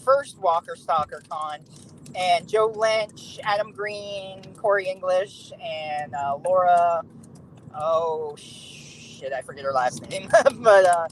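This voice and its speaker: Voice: mid-range voice, slow, slight background noise, low-quality recording. A podcast guest chatting casually and telling a rambling story, with many fillers and laughs. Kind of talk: casual chat.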